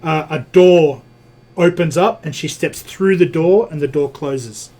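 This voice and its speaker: A man's voice: fairly high pitch, unhurried, mellow. A man running a tabletop game as game master, hesitant and full of fillers as he works out dice math.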